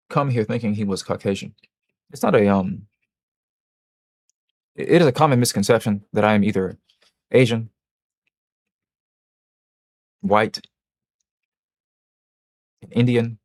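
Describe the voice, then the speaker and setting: A man's voice: lowish voice, a little mellow, dry recording, studio quality. A man hosting a livestream, chatting casually and answering his chat in a rambling, joking, self-mocking way with many restarts. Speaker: livestream host.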